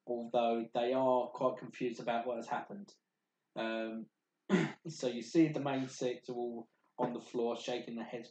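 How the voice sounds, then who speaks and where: A man narrating a tabletop game as game master, halting with many ums and restarts. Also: medium pitch, warm tone. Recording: echoey room.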